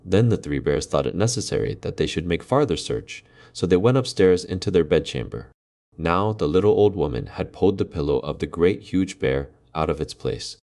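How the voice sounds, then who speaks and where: A man reading a classic fairy tale aloud in a slow, measured way. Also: low voice, expressive, darkish tone. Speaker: storyteller.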